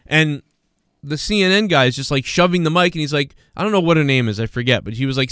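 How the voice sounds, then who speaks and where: A man's voice: fairly high pitch, quick pace, a bit bright, clean tone, no room sound, clean studio sound. A man hosting a livestream, rambling in casual commentary with many fillers and restarts, sometimes sarcastic as he reads the chat. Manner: sarcastic, mocking. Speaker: livestream host reading chat.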